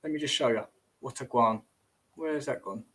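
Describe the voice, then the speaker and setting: A man's voice: mid-range voice, normal speed, pushed and bright, breathy edge. A man hosting a casual livestream, rambling and exclamatory, often trailing off and restarting mid-sentence. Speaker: host.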